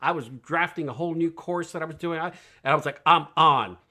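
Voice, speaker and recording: A man talking as a guest coach on a podcast, energetic and emphatic, asking rhetorical questions and often tagging "right?" onto his points. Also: on the high side, fast. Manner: rhetorical questions, animated storytelling. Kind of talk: podcast conversation.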